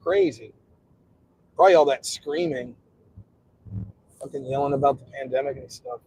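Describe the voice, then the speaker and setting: A man's voice: medium pitch, normal speed, darkish tone, a little hiss or hum, poor audio. A man in his forties live streaming from his car, talking casually with sarcasm, frequent swearing and bursts of ranting. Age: 40s. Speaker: streamer host. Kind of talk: casual live stream talk while driving. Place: car on the road.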